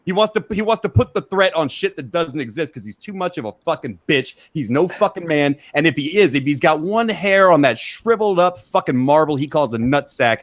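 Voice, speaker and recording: A man's voice: on the high side, lively intonation, a little fast, few pauses, no room sound. Aggressive taunting man on a livestream. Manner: aggressive, taunting, heavily profane. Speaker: stream host. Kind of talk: profane livestream rant.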